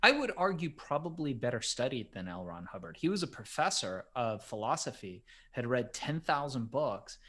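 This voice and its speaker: A middle-aged man co-hosting a podcast, telling stories with a very lively, swooping pitch. His voice drops to a hush and then climbs to loud bursts, in easy casual chat. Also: moderate pace, few pauses. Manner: animated, swings from hushed to loud. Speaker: podcast co-host.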